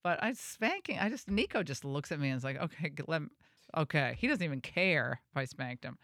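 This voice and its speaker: A woman hosting a radio talk show, chatting in a casual, animated way with quick asides and restarts. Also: low voice, no room sound.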